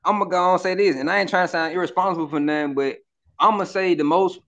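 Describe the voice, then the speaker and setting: A man's voice: sits high, steady tone, fast talker, fairly bright tone. Laid-back man, dull lo-fi sound. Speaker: guest. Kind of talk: casual chat.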